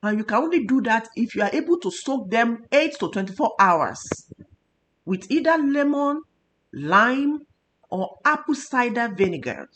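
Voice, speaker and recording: A woman's voice: fairly high pitch, very animated, moderate pace, a bit bright. A Nigerian woman, a nutritionist hosting a health talk show, speaking with emotional emphasis. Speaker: nutritionist host.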